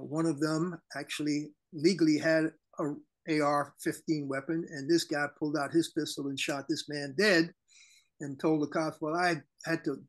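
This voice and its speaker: A man co-hosting a political talk show, his voice sitting a little higher than most men's. He delivers his commentary in an animated, indignant way. He is heard over a remote call link. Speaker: co-host.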